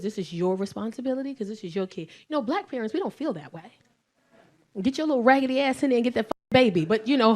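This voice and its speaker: A woman in her forties performing stand-up comedy, telling a story with lots of swearing and sudden loud bursts. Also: mid-range voice. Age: 40s. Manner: animated storytelling with profanity and bursts of shouting.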